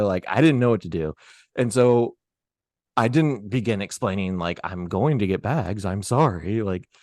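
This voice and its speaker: A man telling a story on a podcast in a casual, animated, profane way. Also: on the low side, no echo, studio quality.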